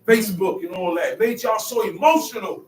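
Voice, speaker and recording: A man teaching scripture in casual street talk, emphatic and repetitive, moving from quiet asides to loud outbursts. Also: high-pitched, normal speed. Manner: emphatic, repeats phrases, swings from soft asides to loud outbursts. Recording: echoey room, mic set far off.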